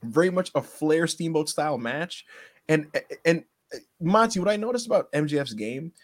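A man co-hosting a casual chat podcast, talking in an animated, joking way with frequent laughs. His voice sits a bit high for a man and swings widely in pitch. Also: moderate pace. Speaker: podcast co-host.

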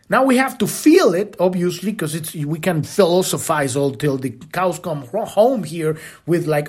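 Male podcast host, spiritual monologue, husky voice, lively swooping pitch, casual and blunt with profanity. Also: moderate pace, hardly any pauses.

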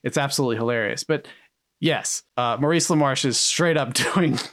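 A man co-hosting a podcast, telling a story in a lively way and laughing often. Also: medium pitch, moderate pace, no room sound. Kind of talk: casual chat.

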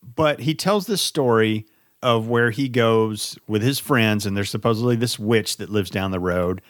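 Relaxed, dry-sounding male podcast co-host. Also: on the low side, unhurried, no echo. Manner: laid-back, chuckling, swears casually. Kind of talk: casual movie chat.

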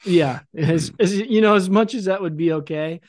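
A man's voice: sits high, normal speed, darkish tone. A man co-hosting a casual podcast chat, rambling and joking and often laughing. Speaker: podcast co-host.

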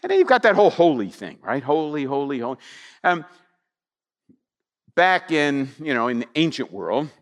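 A man preaching a sermon, animated and conversational, full of rhetorical questions to the congregation. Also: mid-range voice, in a large hall. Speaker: pastor.

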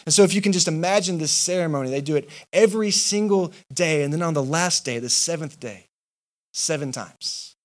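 A man's voice: fairly high pitch, brisk. A male pastor giving a sermon, with impassioned, repetitive rhetorical preaching.

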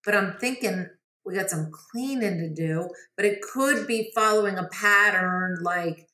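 A woman's voice: medium pitch, unhurried, bright, forceful tone. A woman playing in a mystery game, thinking aloud in casual chat. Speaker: player. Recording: roomy echo.

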